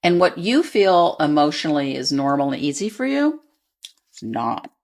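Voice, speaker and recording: A woman, a guest expert on attachment, talking in a conversational interview and acting out gentle example dialogue. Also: low-pitched, big pitch swings, normal speed, vocal fry. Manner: thoughtful, acts out example dialogue warmly.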